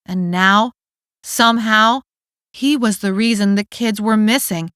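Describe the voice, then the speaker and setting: A woman narrating an audiobook in a steady, clear storytelling manner, recorded on a studio mic. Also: medium pitch, unhurried, dry recording. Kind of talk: scripted narration.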